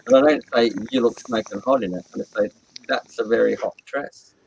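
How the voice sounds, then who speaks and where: A man's voice: mid-range voice, steady tone, brisk, vocal fry, heavy background noise. A man in crude, brash casual banter with friends, boasting and acting out his own lines. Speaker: friend on a hangout stream.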